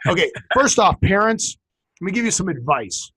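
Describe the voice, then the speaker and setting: Co-host, middle-aged man, husky and slightly high-pitched, rambling anecdotal humor, dead-dry sound. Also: very animated, normal speed, bright, forceful tone, dry recording. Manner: joking storyteller who stammers and repeats words. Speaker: podcast co-host. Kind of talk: casual chat.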